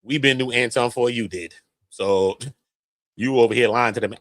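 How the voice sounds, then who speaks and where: A man's voice: medium pitch, normal speed, no room sound. A man hosting a live stream, giving casual slangy commentary with mocking asides. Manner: animated, slangy, mocking impressions.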